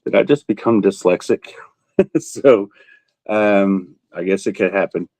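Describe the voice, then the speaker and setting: Running a laid-back live auction online, this man jokes, laughs a lot and pokes fun at himself while naming bids and buyers. His voice sits low with a darkish tone and a slightly slow pace, in a dry, rough recording.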